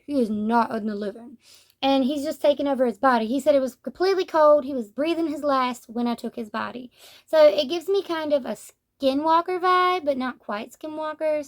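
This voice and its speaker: A young adult woman talking casually as she reviews a manga, chatty and rambling, with lots of "like". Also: high-pitched.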